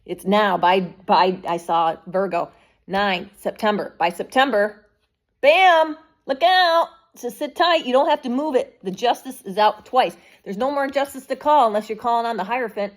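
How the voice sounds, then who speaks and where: A woman's voice: medium pitch, moderate pace. Woman tarot reader, blunt, emphatic, casual swearing. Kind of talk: collective tarot reading.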